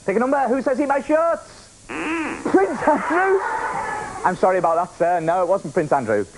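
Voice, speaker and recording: A man hosting a children's game show, playful and energetic, often shouting to the contestants. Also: sits high, normal speed, background noise. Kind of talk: lively TV game show presenting.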